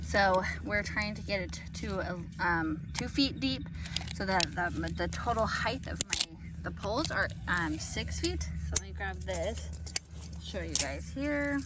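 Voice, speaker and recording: A woman, chatting casually and excitably with lots of ums while she does a backyard gardening how-to. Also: medium pitch, a little slow. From Texas. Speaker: gardening vlogger. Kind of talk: casual outdoor how-to vlog. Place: outdoors in a backyard. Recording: outdoor noise behind the voice.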